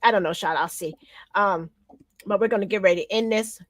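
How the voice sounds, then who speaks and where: A woman's voice: mid-range voice, a little fast, dry recording. A woman hosting a live-streamed talk show, chatting casually with her co-host and laughing often.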